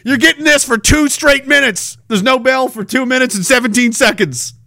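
A man hosting a podcast, ranting loudly and profanely with a taunting delivery. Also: very high voice, moderate pace, creaky, dry recording, studio quality. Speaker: podcast host.

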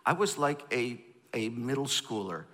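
A man's voice: mid-range voice, moderate pace, in a large hall. A pastor in his fifties telling a candid personal story in a sermon, acting out both sides of the conversations. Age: 50s. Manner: candid, animated storytelling, acts out dialogue.

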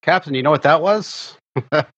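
A man's voice: a little high, normal speed, a bit bright, husky, no room sound. A man playing a tabletop game, chatty and joking in casual talk. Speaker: player. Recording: dull dry lo-fi sound.

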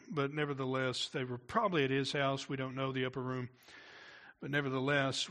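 Middle-aged male pastor, slightly high bright voice, chatty sermon delivery with asides. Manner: conversational, asides to the congregation.

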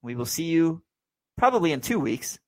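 A man's voice: on the high side, big pitch swings, normal speed, dry recording. A man hosting a casual sports podcast, talking in an easygoing way as he wraps up the show. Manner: easygoing, brings the show to a close. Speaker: podcast host.

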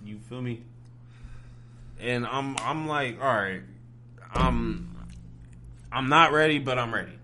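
A man's voice: medium pitch, slow, long pauses, sharp tone, slight background noise. A man from Ohio hosting a podcast, talking in a laid-back, slangy casual chat style, often asking "you feel me". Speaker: podcast host.

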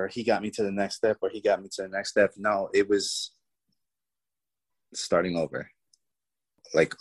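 Male interview guest, lowish voice, lively storyteller. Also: moderate pace, pauses often, rough recording. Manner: animated storyteller, voices people in his story.

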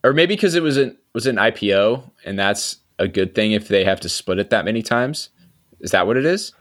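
A young man with a lowish voice hosts a podcast, recapping a TV episode. He talks in a relaxed, chatty way, laughing often and letting sentences trail off into quiet. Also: fairly quick. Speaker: podcast host. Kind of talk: casual chat recapping a TV episode.

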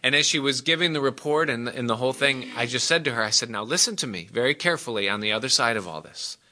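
Forceful, emphatic male preacher. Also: mid-range voice, expressive, fast talker. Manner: emphatic, asks the congregation direct questions. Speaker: pastor. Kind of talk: sermon.

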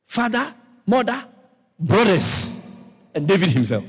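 A man preaching a sermon, telling the story with animated swings up to shouts. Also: sits high, measured pace, slightly rough. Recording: long echo of a large hall.

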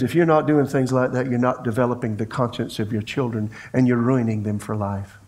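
A man's voice: mid-range voice, a little mellow. A middle-aged man preaching a sermon as pastor, telling folksy stories and acting out family dialogue. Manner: folksy storytelling preacher who acts out dialogue.

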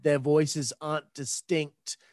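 A man's voice: fairly high pitch, flat delivery, takes it slowly, a little mellow, no echo, clean studio sound. A man in casual podcast chat, telling a story in a reflective way and trailing off mid-thought.

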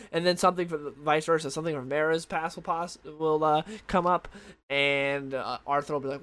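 Young guy rambling about comics, slightly high voice, lots of likes and ums. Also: fairly even intonation, fairly quick, fairly bright tone, clean tone. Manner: rambling, many fillers and restarts. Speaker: comic book reviewer. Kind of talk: casual chat.

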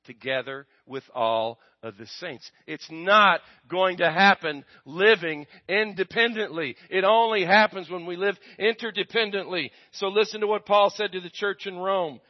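A man's voice: high-pitched, moderate pace, hardly any pauses. A man preaching a sermon to his congregation, asking them questions and waiting for answers, his volume rising and dropping. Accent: American. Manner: call-and-response with congregation, swings loud and soft. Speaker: pastor. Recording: dull lo-fi recording.

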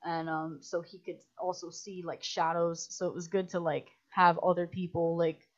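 A woman guest on a casual podcast, telling stories in an animated way with lots of "like" and acted-out quotes. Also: fairly low pitch, moderate pace, highs cut off. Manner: animated storytelling, many "like"s, acts out quotes. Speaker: guest filmmaker.

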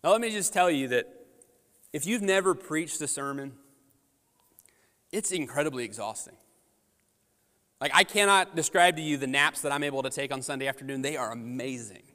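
Guy pastor preaching into a mic, kinda high voice, big echoey church hall. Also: normal speed, pauses often, bright, forceful tone. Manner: storytelling, conversational with rising emphatic peaks. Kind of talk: sermon. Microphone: handheld or headset microphone.

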